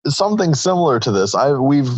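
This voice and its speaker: A man's voice: fairly high pitch, big pitch swings, fairly quick, dry recording. A man in his thirties co-hosting a podcast, rambling through crude stories with frequent laughter. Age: 30s. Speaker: podcast co-host. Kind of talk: casual crude chat.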